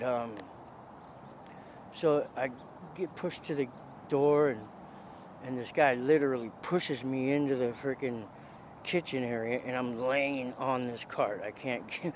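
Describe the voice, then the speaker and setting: A man's voice: medium pitch, a little hiss or hum, low-quality recording. Rambling man telling a street story. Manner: rambling, with many restarts and "dude". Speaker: interviewee telling his own story. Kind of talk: casual spoken storytelling.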